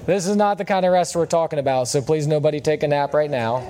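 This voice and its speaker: A man with a slightly high voice preaches a sermon. He keeps it relaxed and conversational, stopping now and then to ask the congregation a question. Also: fast talker. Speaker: guest preacher. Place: church service.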